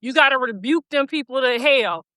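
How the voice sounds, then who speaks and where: Woman livestream host, high voice, smooth and clear, dry sound, blunt, profane, preachy. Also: lively intonation, normal speed, sharp tone, no room sound. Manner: reads viewer comments aloud. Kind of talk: casual livestream chat.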